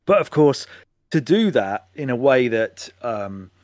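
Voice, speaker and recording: An animated man from England co-hosting a podcast, his pitch rising and falling a lot. He swears casually and slips into voice impressions. The recording is close and dry. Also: measured pace, no echo. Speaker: podcast co-host. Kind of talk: casual chat.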